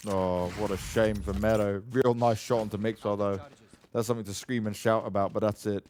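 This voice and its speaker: A man casting an esports match, giving play-by-play commentary with excitable, joking banter alongside his co-caster. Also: lowish voice, brisk. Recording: noisy game sound behind voice.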